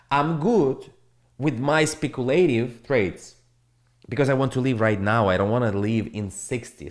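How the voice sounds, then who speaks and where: Blunt, profane crypto streamer. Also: male voice, medium pitch. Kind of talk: casual live-stream monologue.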